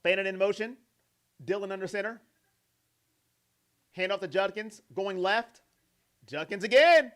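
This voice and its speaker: A young man calling football play-by-play as a fan, animated and jokey, breaking into reactions and playful impressions of players. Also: high-pitched, measured pace, long pauses. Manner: animated, jokey, mimics players in quoted voices. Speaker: fan commentator.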